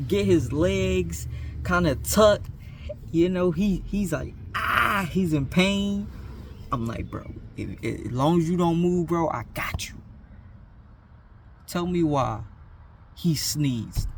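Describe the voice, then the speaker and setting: A man's voice: a little high, fairly bright tone, a little hiss or hum. A young man telling a school story in a casual, slangy, self-mocking way. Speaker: vlogger.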